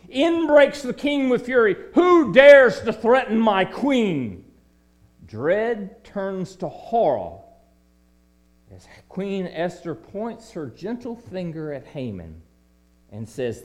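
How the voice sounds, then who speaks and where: A man with a high voice delivers a dramatic sermon, sinking to a hush before rising into loud declaiming.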